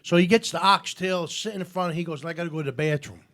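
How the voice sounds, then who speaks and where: A man hosting a casual chat, rambling through an anecdote with halting fillers. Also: a little high, a bit bright. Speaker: host.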